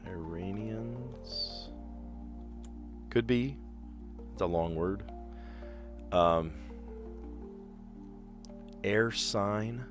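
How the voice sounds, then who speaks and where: A man casually thinking aloud as he reads puzzle clues and works through answers, with frequent restarts. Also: lowish voice. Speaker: streamer playing word puzzles.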